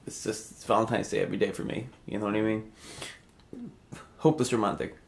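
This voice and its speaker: Rambling deadpan man, sarcastic. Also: on the low side, fast, creaky. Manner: rambling, sarcastic, trails off into mumbles. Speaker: comedy vlogger. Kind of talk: rambling deadpan comedy monologue.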